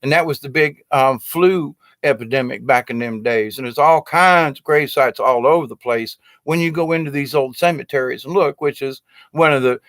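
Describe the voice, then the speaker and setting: A man in his sixties with a Southern US accent, a storyteller telling a rambling, humorous monologue in a folksy, drawn-out way full of "you know". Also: medium pitch, fairly bright tone, no echo, clean studio sound. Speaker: storyteller and puppeteer.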